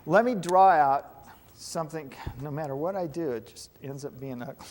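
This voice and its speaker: A man with a slightly higher than average voice lectures a class of students. His delivery is loose and conversational, and he often stops to ask the room whether they follow. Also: measured pace, a little mellow, a little hiss or hum. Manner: conversational, asks the class questions. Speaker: hypnotherapy lecturer.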